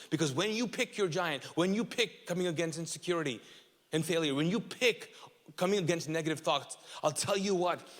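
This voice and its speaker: Pastor guy preaching, punchy and repetitive, bit high voice, big echoey church. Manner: emphatic, repetitive, asks the audience questions. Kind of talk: sermon.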